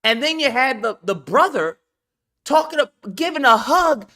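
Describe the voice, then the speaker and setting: A man's voice: extremely high pitch, a little slow. A man hosting a casual chat, telling a story with emphasis and acting out what others said. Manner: animated, emphatic storyteller who acts out quotes. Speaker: show host.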